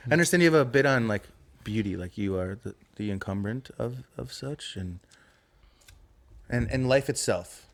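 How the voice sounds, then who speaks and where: A man's voice: medium pitch, lively intonation, moderate pace. Laid-back man hosting a podcast. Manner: laid-back, laughs along, stumbles over words. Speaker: podcast host. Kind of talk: casual interview.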